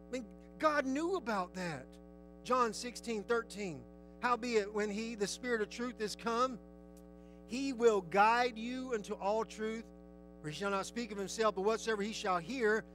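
A man preaching a sermon, earnest and folksy, who slows down to read scripture aloud. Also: very high voice, a bit bright, low-quality recording. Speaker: pastor.

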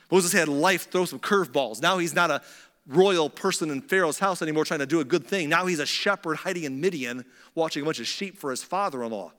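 A man's voice: fairly bright tone, in a large hall. A man preaching a sermon, telling the story in a casual conversational way and acting out the dialogue. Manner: conversational storytelling, acts out dialogue with shifting pitch. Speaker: pastor.

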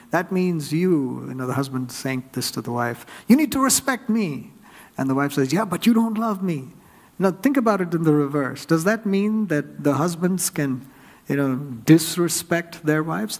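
A male pastor delivering a sermon in a conversational, questioning way, his voice sitting a little higher than most men's. He slips into quick acted-out lines for husbands and wives, lifting his voice for them. The talk is relaxed and direct, speaking from a church sanctuary. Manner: conversational preaching with rhetorical questions; acts out quoted spouses in raised voice.

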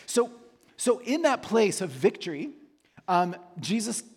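Husky-voiced man preaching in a reverberant hall. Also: high-pitched, big pitch swings, a little slow. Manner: conversational, asks the room "right?" often. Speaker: pastor. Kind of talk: sermon. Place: church hall. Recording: long reverb of a large hall.

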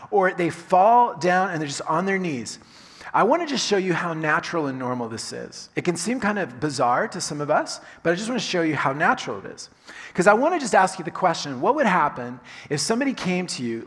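A fairly high-pitched man preaches in a church sanctuary, his voice trailing off in long reverb. He talks to the room like a chatty pastor, loose and conversational, with quick laughing asides. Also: fairly bright tone. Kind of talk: sermon. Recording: long reverb of a large hall.

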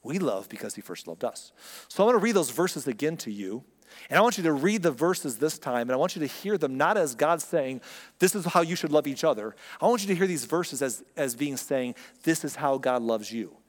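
A man preaches with an earnest, conversational warmth, slipping into quoted speech as he talks. His voice sits a bit high for a man. The sound carries a long reverb, as from a large church hall. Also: expressive, fairly quick. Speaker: pastor. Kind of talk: sermon.

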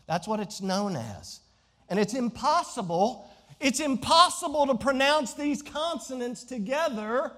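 A man with a Southern Virginia accent, preaching a sermon as pastor, animated and rising to near-shouts when he quotes scripture. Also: extremely high pitch, measured pace, long reverb tail.

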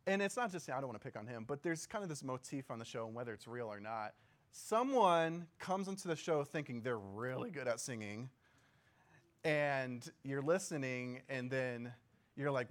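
A pastor gives a relaxed, conversational sermon. His man's voice sits a touch higher than most, and he keeps checking in with the room through quick questions and easy laughs. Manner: laughs easily and jokes. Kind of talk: casual sermon teaching.

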